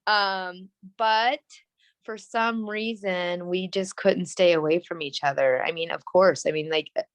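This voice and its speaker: Woman, 30s, interview guest; low, dry voice; earnest, rambling storyteller. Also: steady tone, measured pace, dry recording. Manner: rambling, frequent "like" and "you know"; earnest and emotional. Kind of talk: candid personal storytelling.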